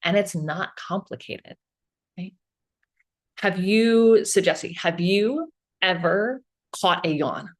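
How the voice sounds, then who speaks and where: A woman's voice: on the low side, expressive, slow pace. A woman guest on a podcast, explaining ideas in a casual, earnest way and often checking in with "right?".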